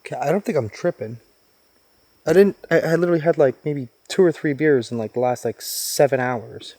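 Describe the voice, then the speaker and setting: A young man vlogging while camping alone in a forest at night, jumpy and nervous, swearing and calling out into the dark. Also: mid-range voice, brisk, no echo. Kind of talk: casual vlog commentary.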